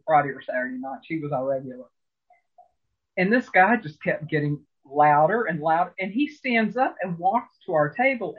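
A man in an interview telling stories in a rambling, chatty way, with lots of fillers and restarts. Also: on the high side. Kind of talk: casual storytelling interview. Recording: phone-like narrow sound.

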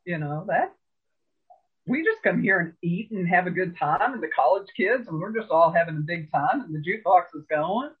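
Husky guy rambling thru a story, lots of ums, sounds like a phone call. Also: high voice, animated, moderate pace. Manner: rambling, chatty, with many fillers and restarts. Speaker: interviewee. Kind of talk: casual storytelling interview.

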